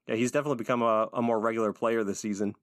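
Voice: medium pitch, fairly even intonation, racing, no room sound. Podcast co-host, casual recap, frequent laughter, dry close sound. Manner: laughs often, acts out character lines.

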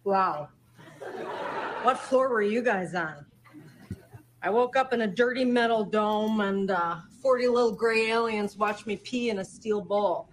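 Woman playing a blunt, deadpan abductee. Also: mid-range voice, measured pace, background noise, close to an everyday voice. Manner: deadpan storytelling with folksy slang. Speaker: alien abductee being questioned. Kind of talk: sketch comedy acting.

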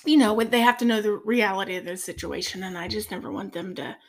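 A middle-aged woman speaking as a podcast guest in a heartfelt faith conversation, earnest and soft-spoken. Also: medium pitch, fast talker.

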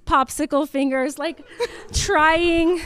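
High-voiced woman trading jokes on a podcast. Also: steady tone, a bit bright. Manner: joking asides, quick to laugh. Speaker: podcast co-host and editor. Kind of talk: casual chat.

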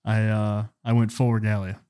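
A man's voice: on the low side, flat delivery, normal speed, dark tone, clear, resonant tone. A young man co-hosting a comedy podcast, chatting casually and joking, laughing often. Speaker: podcast co-host. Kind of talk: casual chat.

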